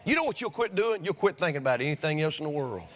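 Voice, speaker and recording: A man's voice: on the high side, sing-song, fast talker. A male pastor preaching in a church, telling homespun stories that build into fervent preaching. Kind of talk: sermon. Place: church sanctuary. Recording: long reverb of a church hall.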